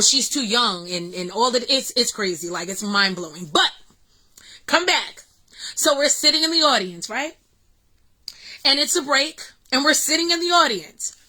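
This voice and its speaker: Middle-aged woman gushing thru a story, bright voice, pitched kinda high, lots of ums. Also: rough recording. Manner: excited, animated storytelling with fillers. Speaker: vlog host. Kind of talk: casual storytelling vlog.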